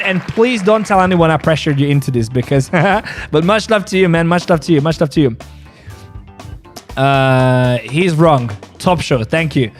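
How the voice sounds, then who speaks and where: A man hosting a trading livestream, chatting loosely and joking between chart talk, often repeating himself. His voice sits a little high for a man. Faint music plays underneath. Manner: joking, laughing, repeats phrases. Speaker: crypto trading stream host. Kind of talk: casual livestream chat and market analysis.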